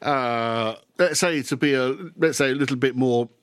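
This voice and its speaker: A man's voice: medium pitch, moderate pace, clear, resonant tone, no room sound, studio quality. A man hosting a radio interview, chatty and jokey, stumbling and restarting as he talks. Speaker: radio host. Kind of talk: casual radio interview chat.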